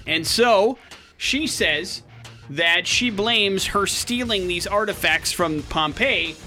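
A young man hosting a morning radio show, joking with his co-host and running a call-in contest. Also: high-pitched. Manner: energetic, joking, talks listeners through a contest. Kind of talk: casual radio banter.

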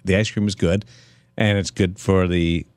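A man's voice: low-pitched, fairly even intonation, normal speed, a little mellow, clear, resonant tone, no room sound. A man hosting a podcast, chatting casually in a jokey, rambling way with lots of fillers. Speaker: podcast host and interviewer. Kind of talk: casual chat.

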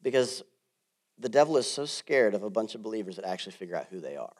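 A male pastor preaching a sermon in a casual, jokey way, swinging from loud bursts to quiet asides. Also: fairly low pitch, quick pace. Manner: animated, swings between loud and soft.

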